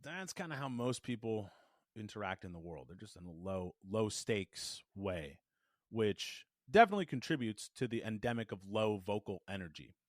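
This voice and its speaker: A man's voice: on the low side, sing-song, normal speed, dry recording. A man teaching voice technique in a podcast lesson, demonstrating shifts between chest voice and head voice into a good studio microphone. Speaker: voice coach.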